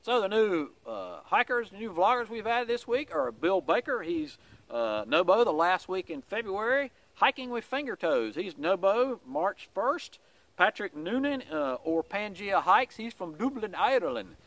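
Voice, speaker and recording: A man's voice: sits high, sing-song, measured pace, fairly bright tone. Folksy man with many fillers. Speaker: vlogger giving weekly hiker updates. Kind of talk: casual vlog update.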